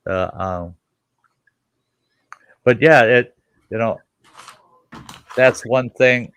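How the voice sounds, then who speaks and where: A man's voice: mid-range voice, expressive, drawn-out words, long pauses, no echo. An older man hosting a casual live chat, telling blunt, folksy stories with casual swearing and laughter.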